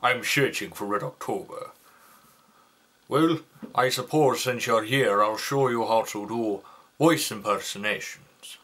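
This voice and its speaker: A man doing an impression of a suave film actor, slow and drawling with a husky, slurred voice. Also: fairly low pitch, a bit bright.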